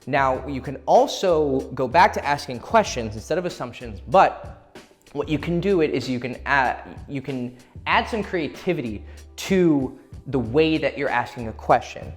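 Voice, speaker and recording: A man's voice: mid-range voice, animated, moderate pace, soft background music. Casual, profane male dating coach. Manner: casual and profane, acts out short quoted exchanges. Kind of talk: instructional talk to camera.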